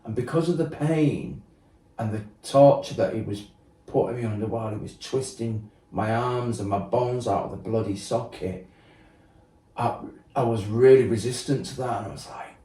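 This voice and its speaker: A man appears as a podcast guest, recounting his story openly with cursing, bluntness, many fillers, and reenacted dialogue. His mellow voice sits mid-range at a moderate pace, captured roomily from a distant microphone.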